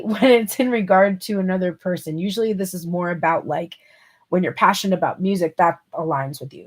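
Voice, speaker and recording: A woman reading tarot cards for her viewers in an easygoing, talk-as-you-think way. Her speech is full of fillers and restarts, and it breaks now and then into bright, emphatic bursts. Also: fairly low pitch. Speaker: tarot reader.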